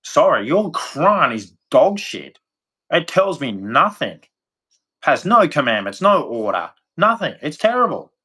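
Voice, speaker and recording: A man's voice: a little high, very animated, measured pace, bright, forceful tone, husky. Blunt Australian man ranting. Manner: blunt, rambling, swears freely. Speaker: vlogger. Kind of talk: casual opinion rant to camera.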